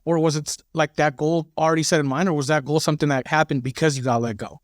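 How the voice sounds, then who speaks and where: A man's voice: on the high side, fairly even intonation, fast talker, dry recording, studio quality. A man hosting a podcast, asking eager questions that he stacks one after another. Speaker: podcast host. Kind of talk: casual podcast interview.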